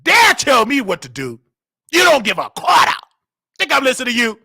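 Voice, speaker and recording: Man, very high pitch, wildly swooping, shouting and preachy, dry close sound. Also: moderate pace, creaky, husky, no echo. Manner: shouting, preachy, animated, scolding listeners. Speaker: show host. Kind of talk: loud live-stream commentary.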